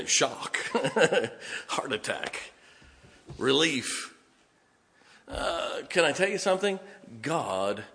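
Male preacher, sermon, folksy humor, storytelling, bursts of emphasis, medium pitch. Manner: lively, raises voice for emphasis. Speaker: pastor.

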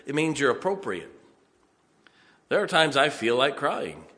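Folksy preacher man, bright voice, echoing hall. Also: mid-range voice, sing-song, unhurried. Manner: folksy, chuckles often, keeps checking on the congregation. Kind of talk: sermon.

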